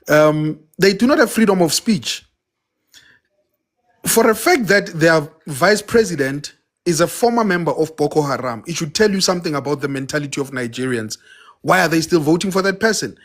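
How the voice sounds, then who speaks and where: A man making blunt, emphatic points in a heated live audio-room debate, with fillers between them. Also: fairly high pitch. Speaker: debate participant.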